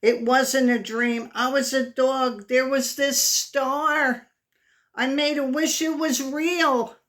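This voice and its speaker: A woman voicing an excitable young boy who has turned into a dog, sounding high and excited. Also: takes it slowly. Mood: insistent. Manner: high, excited and then frightened.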